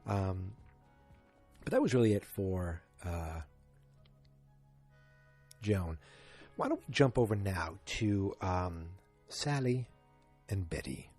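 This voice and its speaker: A man's voice: deep voice, big pitch swings, slow pace, long pauses, darkish tone, soft background music. A man hosting a solo podcast, rambling through a casual recap with many fillers. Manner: rambling, filler-heavy retelling. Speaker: podcast host. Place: home, alone.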